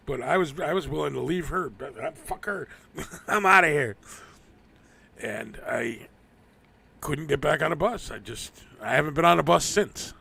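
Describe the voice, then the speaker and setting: Man, live stream rant, very gravelly voice, laughs a lot, swears constantly. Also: a little high, expressive, unhurried, long pauses, bright, forceful tone. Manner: profane, rambling, laughs often. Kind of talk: casual ranting monologue.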